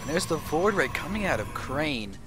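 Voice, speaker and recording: A man casting a strategy game match with analytical play-by-play commentary, getting excited at big plays. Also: on the high side, moderate pace, over loud music. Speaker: esports caster.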